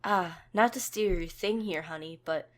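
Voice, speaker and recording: A woman voicing a brisk, caring troll mother who talks sharply to adults and gently to a child. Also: fairly low pitch, close to an everyday voice. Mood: gentle. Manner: sharp then gently coaxing.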